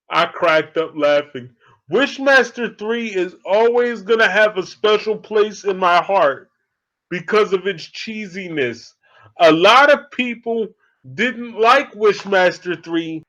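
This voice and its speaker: High-voiced man recapping movies slowly. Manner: excitable, laughing storyteller. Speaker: horror movie reviewer. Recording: dull lo-fi audio.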